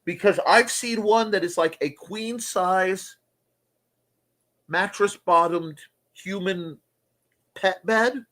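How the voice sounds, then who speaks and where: A man's voice: high voice, takes it slowly, long pauses, a bit bright. A man hosting a casual livestream chat from home, playful and chatty as he reads comments. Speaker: host. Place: home room.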